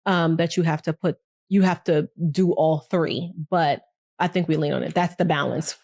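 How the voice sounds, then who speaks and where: A woman in her thirties co-hosting a podcast in casual chat, earnest and animated, often acting out what others said. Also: sits low, normal speed, vocal fry. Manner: animated, earnest, quotes others in lively voices. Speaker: podcast co-host.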